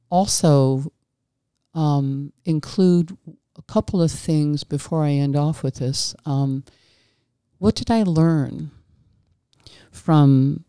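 A middle-aged woman, a former midwife hosting a podcast, talks in a meandering, folksy way, restarting her sentences as she shares stories and gentle reassurance. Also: low voice, clean tone, dry recording, studio quality. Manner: meandering, frequent restarts and self-corrections. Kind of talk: casual podcast monologue with anecdotes.

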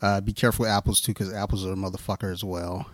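A man hosting a casual podcast, telling a story with lively swearing. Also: deep voice, very fast, no echo. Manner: animated storyteller, swears freely. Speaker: podcast host.

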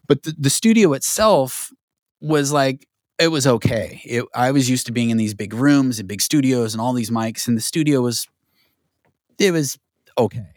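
A man tells a long story as a podcast guest, talking in an animated rush full of restarts and "like". His voice sits at an ordinary middle pitch, and the sound is dry and close, with no room echo. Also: moderate pace. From Southern California. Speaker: guest, record producer. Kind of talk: casual storytelling interview.

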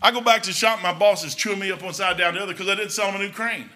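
Folksy bright-voiced man, blunt and rambling. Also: sits high, rapid-fire. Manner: folksy, blunt, many restarts and asides. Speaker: Christian speaker. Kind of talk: casual rambling sermon-like talk.

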